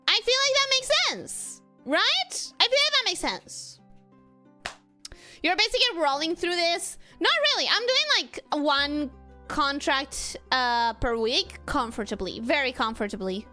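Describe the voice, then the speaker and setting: A young woman streaming a game, chatting casually and reading chat, animated and quick to squeal and laugh. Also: high voice, faint music behind. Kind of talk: casual gameplay commentary.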